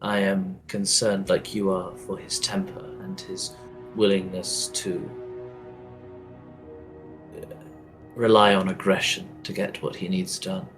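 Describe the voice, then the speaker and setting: A man's voice: sits low, little pitch movement, slow, long pauses, over music. A man voicing a humble, polite young male acolyte who speaks carefully and apologetically. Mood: humble concern.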